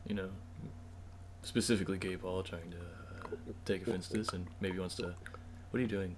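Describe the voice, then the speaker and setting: A man's voice: low-pitched, fairly even intonation, normal speed, noisy background. A young man hosting a casual podcast chat, skeptically cutting in to question a friend's story. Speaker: podcast host.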